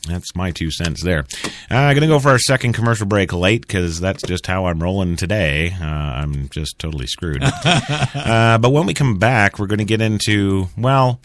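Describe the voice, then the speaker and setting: A man's voice: lowish voice, moderate pace, dry recording. A man hosting a talk radio show, delivering blunt, profane commentary with stammering restarts and laughing at his own jokes.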